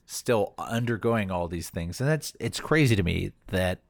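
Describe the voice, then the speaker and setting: A man's voice: sits low, animated, measured pace, creaky, no room sound, clean studio sound. A man from the American Midwest chatting casually on a podcast, rambling with lots of fillers. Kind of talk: casual chat.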